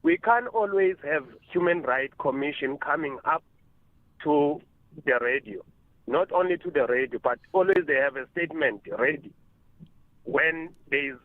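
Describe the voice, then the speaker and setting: A South African man phones in to a radio show with an indignant, emphatic complaint. His voice sits slightly high. The call is dry and squeezed into a thin phone band. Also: no room sound. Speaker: caller. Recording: tinny phone line.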